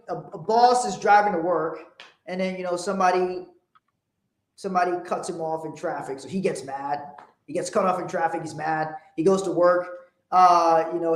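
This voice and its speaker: A middle-aged man hosting a casual motivational talk, rambling with frequent restarts and growing animated when he tells stories. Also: fairly high pitch, roomy sound. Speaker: podcast host.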